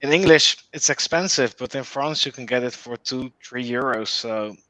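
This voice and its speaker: Bright man, casual chat. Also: mid-range voice, moderate pace, dry recording, rough recording. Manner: searches for words, laughs. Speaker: podcast guest.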